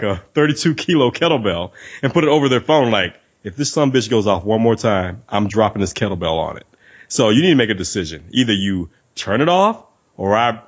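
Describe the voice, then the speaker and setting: A man's voice: medium pitch, slightly rough. A man in casual chat who keeps acting out what people say, laughing often. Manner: animated, acts out quoted voices with laughs. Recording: dull lo-fi sound.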